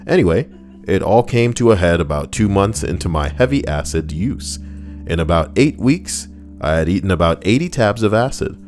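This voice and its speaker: A man's voice: low voice, expressive, normal speed, darkish tone, faint music behind. A man reading stories aloud as a host, breaking off for sarcastic, rambling comic asides. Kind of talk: comedic reading with commentary.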